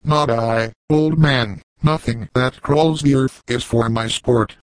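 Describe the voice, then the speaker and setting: A man's voice: medium pitch, slow pace, no echo, lightly acted, poor audio. A man voicing a young frontier hunter who talks in a boastful, easygoing way.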